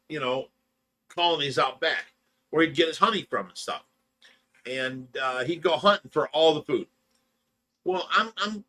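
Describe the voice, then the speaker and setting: A man with a fairly high, bright voice hosts a casual livestream. He sounds tired from lack of sleep and tells long, rambling stories, often laughing through them. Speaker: livestream host. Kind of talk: casual storytelling chat.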